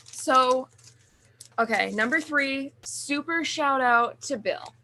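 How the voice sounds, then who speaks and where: Slowly and with a high, pushed, bright voice, this podcast co-host, a young adult woman, rambles happily about horror films. Her casual, gushing chat is full of filler words and swearing.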